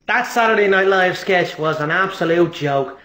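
A man's voice: high-pitched, moderate pace, sharp tone, reverberant. A man impersonating a brash, boastful male fighter who swears and trash-talks. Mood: cocky.

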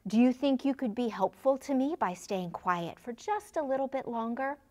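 A woman voicing a patient aunt in a puppet show, speaking gently and politely. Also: fairly high pitch, expressive, moderate pace, close to an everyday voice.

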